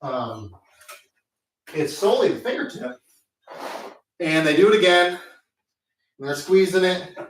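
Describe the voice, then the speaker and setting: A man's voice: sits high, lively intonation, unhurried, pauses often, slight background noise. A man telling a rambling, self-mocking story with many fillers, chatting casually between sets at the gym. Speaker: host. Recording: echoey room, mic at a distance.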